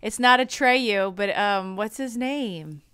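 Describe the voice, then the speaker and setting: A woman's voice: mid-range voice, slow, a loud crowd. A woman co-hosting a podcast, reacting with amusement to a friend's story. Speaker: podcast co-host. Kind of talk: casual chat.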